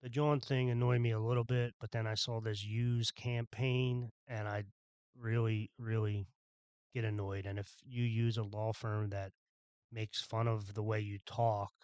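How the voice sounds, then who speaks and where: Low-voiced, irritated ranting man. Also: level tone, measured pace, a little mellow, clear, resonant tone, no echo, lo-fi sound. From Philadelphia. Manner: irritated, blunt and profane. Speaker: podcast host. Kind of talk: ranting monologue.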